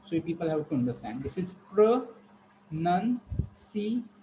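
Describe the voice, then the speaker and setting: A man's voice: on the high side, very fast, dark tone, slight background noise, rough recording. A man teaching an online pronunciation lesson, repeating words and quizzing his students. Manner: repetitive, drilling questions at students. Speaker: English teacher.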